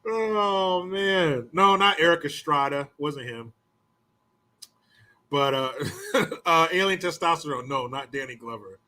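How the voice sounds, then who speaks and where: A man rambles through a story on his podcast, swearing freely and drifting off track. His voice sits a bit high and rings bright and forceful. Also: lively intonation. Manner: rambling, swears often, puts on quick mocking voices. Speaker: podcast host. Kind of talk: profane casual storytelling.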